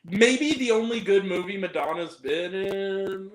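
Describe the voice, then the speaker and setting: A man's voice: high voice, a little slow, crowd noise. A man hosting a casual chat, joking crudely and laughing often. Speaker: podcast host. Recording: roomy echo.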